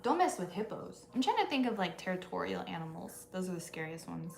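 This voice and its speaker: A woman's voice: on the low side, sing-song, a little fast, creaky, darkish tone, reverberant, slight background noise. A woman co-hosting a casual livestream Q&A, playful and laughing often. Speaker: livestream co-host.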